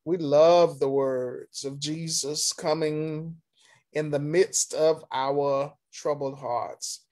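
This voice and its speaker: A man, a pastor, teaching a Sunday school Bible lesson, reading scripture aloud and explaining it in a deliberate, halting way with pauses and restarts. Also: on the high side, steady tone, a little mellow.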